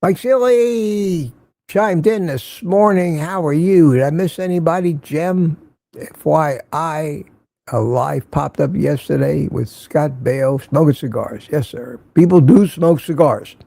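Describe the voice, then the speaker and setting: A man's voice: on the high side, takes it slowly, vocal fry, dark tone, no room sound. An older man hosting a casual morning live stream, chatting and greeting viewers by name with frequent laughs.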